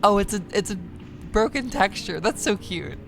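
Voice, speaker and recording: Sardonic young woman streamer, slightly gravelly. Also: medium pitch, expressive, a little slow, background noise. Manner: sardonic, jokey, reads lines in mock announcer voices. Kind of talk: casual gameplay commentary, reading game text aloud.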